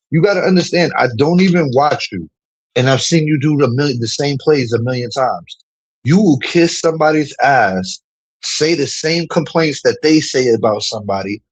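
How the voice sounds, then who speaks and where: Husky man ranting mockingly on stream. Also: fairly high pitch, rough recording. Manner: heated and mocking, laughs often; keeps saying "you know what I'm saying".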